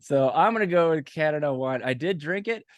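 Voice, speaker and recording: A man's voice: on the high side, lively intonation, a little fast, dry recording, studio quality. A man in his forties hosting a podcast, telling stories in a rambling, self-mocking way. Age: 40s. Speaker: podcast host. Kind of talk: casual podcast chat.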